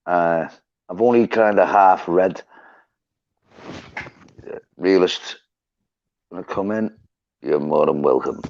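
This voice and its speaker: Low-pitched, slow and gravelly, this Liverpool man's voice is a little mellow, with frequent pauses. He's a chatty host rambling through stories on a live stream and laughing a lot. Recorded on a phone, the audio is dull but has no echo.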